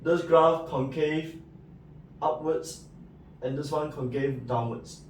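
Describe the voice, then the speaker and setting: A man lectures on math slowly, his voice a little high, walking through each step and asking "right?" or saying "okay" along the way. The recording has faint hiss or hum, an echoey room, and a far-off microphone.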